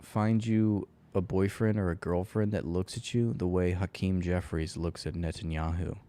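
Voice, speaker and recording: Low mellow sarcastic male streamer. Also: normal speed. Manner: sarcastic, conversational. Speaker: livestream host. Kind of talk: casual political commentary.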